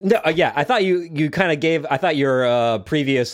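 Male co-host, casual, hesitant, a little high-pitched. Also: animated. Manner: halting, fills pauses with "uh". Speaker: podcast co-host. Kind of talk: casual chat, summarizing a book.

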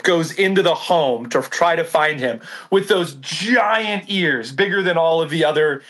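A man's voice: a little high, expressive, unhurried, fairly bright tone. A man co-hosting a casual book discussion, talking thoughtfully, hunting for the right word and often checking in with "right?". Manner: thoughtful, searching for words, frequent "right?" checks.

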